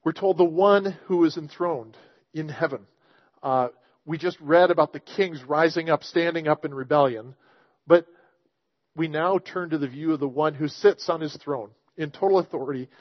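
A man preaching a sermon in a fairly high voice, earnest and emphatic as he reads scripture and explains it. The sound is dry and a little dull. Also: no room sound. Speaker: pastor.

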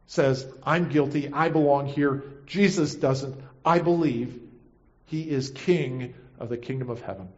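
A man's voice: mid-range voice, a little mellow, lo-fi sound. A man preaching a sermon, retelling scripture and acting out the quoted voices with feeling. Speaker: pastor.

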